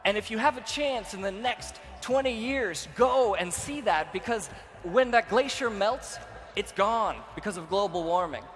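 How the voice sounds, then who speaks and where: A young man giving a storytelling keynote speech to a conference audience in a large hall, going from quiet narration to shouted excitement. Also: high-pitched, measured pace, soft background music. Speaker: keynote speaker. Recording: reverberant hall with faint ambience.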